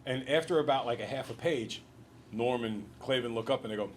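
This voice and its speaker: A male teacher lecturing a class in an animated, joking storyteller way. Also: medium pitch, rapid-fire, slight background noise.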